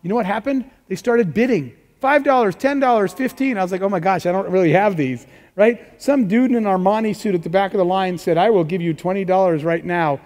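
A middle-aged man on stage telling stories with lively energy, punching up key lines and playing out the dialogue. His voice sits high for a man. The sound carries the long ring of a big hall. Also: brisk. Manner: energetic storytelling, acts out dialogue, rising emphasis. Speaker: keynote speaker. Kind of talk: motivational talk with stories.

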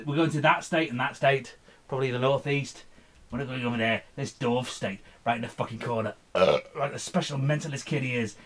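A man in a drunken, rambling vlog rant, profane and mumbling, with a mid-pitched voice. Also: a little fast, fairly bright tone. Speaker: vlogger.

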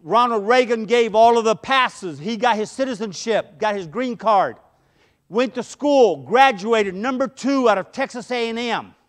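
A man with a high voice preaches a sermon in a church. His delivery feels conversational, with stories from his own life worked in between the points. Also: measured pace. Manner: conversational preaching with storytelling asides. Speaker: pastor. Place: church sanctuary.

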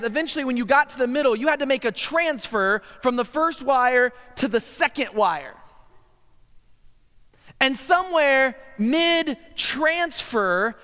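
Animated high-voiced man telling a comic story in a chapel. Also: smooth. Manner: comic, animated storytelling with frequent "right?" asides. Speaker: chapel speaker. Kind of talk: humorous storytelling sermon. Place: university chapel hall. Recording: long hall reverb.

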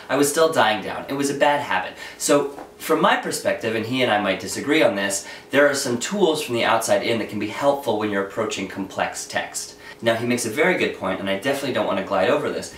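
A man's voice: mid-range voice, lively intonation, fairly bright tone, recorded from a distance. A young man, explaining acting technique in an earnest, talky way as the host of a video lesson. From New York. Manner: earnest, explanatory, quick asides. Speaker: acting teacher. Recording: echoey room, voice set back from the mic, faint noise.

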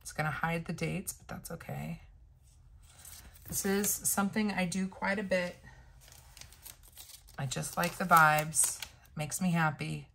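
Woman vlogger, unhurried and gravelly, talks viewers through her crafting as she thinks aloud. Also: on the low side, steady tone, pushed and bright, rough recording. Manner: chatty, thinks aloud, addresses viewers directly. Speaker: planner and sticker vlogger. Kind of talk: casual crafting tutorial.

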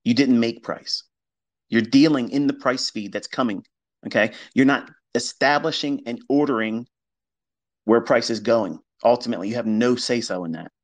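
In a casual, blunt, profane monologue, a man hosting an online audio space as a trading educator mocks the doubters he quotes. He speaks at normal speed in a medium-pitched voice, on a rough recording.

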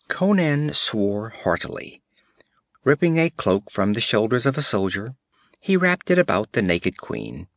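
A man narrating an adventure audiobook in a measured, vivid storytelling manner on a close studio mic. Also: mid-range voice, a bit bright, no room sound.

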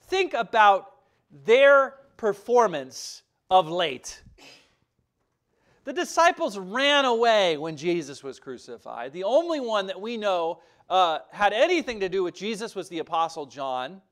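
Earnest high-voiced male pastor preaching. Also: very animated, unhurried, fairly bright tone. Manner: earnest, emphatic preaching with rising and falling intensity. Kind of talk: sermon.

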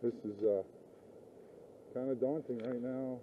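A man's voice: mid-range voice, fairly even intonation, measured pace, slight background noise. A man narrating his fishing outdoors by a river, talking casually and rambling, swearing when things go wrong. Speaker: fishing vlogger. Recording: tinny lo-fi outdoor audio.

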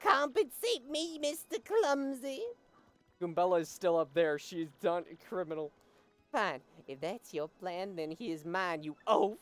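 A woman plays a bossy, shrill woman from a video game. She scolds at high pitch and full volume, demanding and indignant. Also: moderate pace, faint music behind, close to an everyday voice. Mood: furious. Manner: shouting, scolding.

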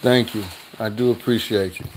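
A man's voice: on the low side, fairly even intonation, moderate pace, slight background noise. An older man hosting a casual live cooking stream, chatting with viewers and reading their comments aloud in a laid-back, slangy way. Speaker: cooking channel host.

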